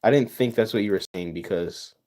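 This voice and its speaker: A man's voice: lowish voice, a little fast, warm tone. A man, chatting casually with livestream viewers, rambling with stammers and sarcastic asides.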